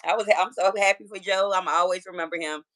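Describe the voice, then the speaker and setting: A woman's voice: on the low side, fairly even intonation, quick pace, fairly bright tone. A woman in her thirties from Georgia with a Southern accent, chatting casually and profanely with viewers on a phone livestream. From Georgia, USA. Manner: chatty, profane, talks straight to her chat. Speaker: livestream host.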